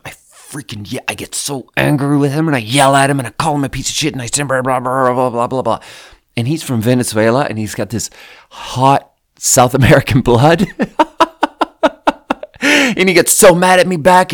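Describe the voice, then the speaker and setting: A man from Sweden co-hosting a podcast, talking candidly in a rambling, casual way and swearing freely. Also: medium pitch. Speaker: podcast co-host. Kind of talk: casual reflective chat.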